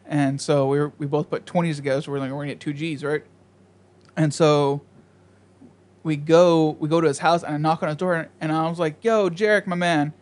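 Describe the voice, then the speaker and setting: A man's voice: on the high side, steady tone, brisk, a little mellow. Laid-back young man telling a story. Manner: laid-back, profane, acts out voices in stories. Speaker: podcast co-host. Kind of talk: casual storytelling chat.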